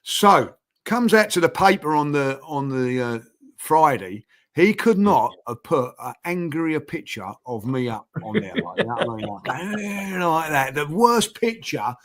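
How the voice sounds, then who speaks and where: Animated man telling a rambling story. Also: fairly high pitch, unhurried. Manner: rambling, animated storyteller with many fillers, acting out quoted voices. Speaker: podcast guest. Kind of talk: casual storytelling chat.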